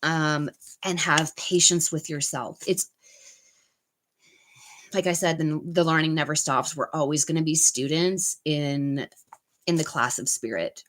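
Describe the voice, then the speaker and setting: A woman giving tarot card readings on a live stream. She speaks very slowly and gently, pausing often and filling gaps with soft ums. Her voice sits a little low, with a faint hiss behind it. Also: steady tone, low-quality recording. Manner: soft, unhurried, full of pauses and fillers. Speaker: tarot reader and channel host.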